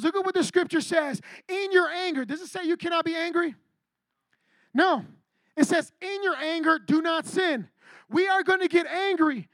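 A man's voice: extremely high pitch, fairly bright tone, no room sound. A man giving a casual sermon to young people as their youth pastor, talking in a slangy, conversational way and calling on listeners by name.

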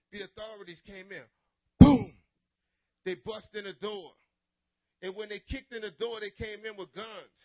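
A man preaching an energetic call-and-response sermon to teenagers as youth pastor, telling stories dramatically. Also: high voice, dry recording. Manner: dramatic storytelling, swings from loud to hushed. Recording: dull lo-fi sermon recording.

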